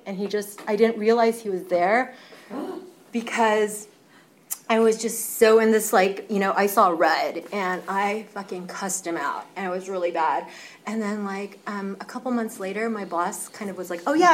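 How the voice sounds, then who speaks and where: Young woman sharing at a meeting, candid and chatty, swears a bit, soft hum in the room. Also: medium pitch, moderate pace. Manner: candid and animated, lots of fillers, swears freely. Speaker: sharer at a recovery meeting. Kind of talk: casual personal sharing.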